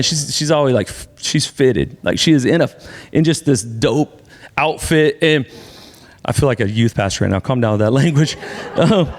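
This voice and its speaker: Animated male pastor in a reverberant hall. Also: fairly high pitch. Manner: conversational, animated in asides. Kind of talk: sermon. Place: church sanctuary.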